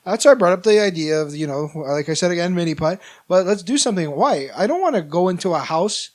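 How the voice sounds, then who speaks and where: A young man co-hosting a laid-back podcast. His voice sits a little high for a man, and he tells stories in a loose, rambling way, full of "like" and false starts. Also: animated, fast, darkish tone. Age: 20s. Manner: rambling storyteller, lots of "like" and restarts. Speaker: podcast co-host. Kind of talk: casual chat.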